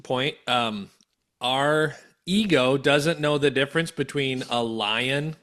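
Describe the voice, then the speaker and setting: A man's voice: medium pitch, slow, a bit bright. A man co-hosting a business podcast in casual chat, explaining his points through analogies. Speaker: podcast co-host, business coach.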